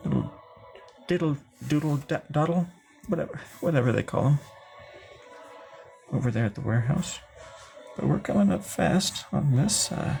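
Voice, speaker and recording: A man chats live while he draws, rambling and joking, and keeps slipping into mock newscaster and office boss bits. His voice sits a little high with a gravelly grain, and faint music plays underneath. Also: darkish tone. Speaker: live streamer drawing. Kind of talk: casual improvised banter.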